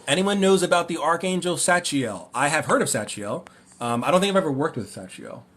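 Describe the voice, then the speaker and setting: A man hosting a livestream Q&A, ranting and mocking in an animated way, often rambling and correcting himself. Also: on the high side, a little fast, slight background noise. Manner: animated, mocking, breaks into laughter. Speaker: livestream host.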